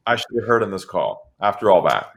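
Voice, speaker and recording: A man's voice: lowish voice, a little fast, gravelly. A middle-aged man from San Diego telling a story as an interview guest, acting out the voices of the people in it. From San Diego, California. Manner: animated storyteller, acts out voices. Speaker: guest, sales expert.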